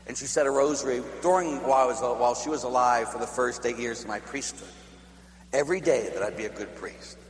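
A Catholic priest from Pittsburgh in the United States, preaching a sermon in a chatty, animated storytelling way with laughing asides. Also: male voice, medium pitch, brisk. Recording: echoey hall, faint hum.

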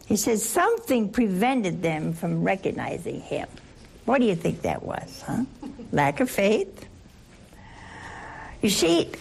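A woman leading a Catholic Bible study, teaching in an animated, playful way and asking her listeners questions. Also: mid-range voice, vocal fry, breathy edge. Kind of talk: lively scripture teaching to a group.

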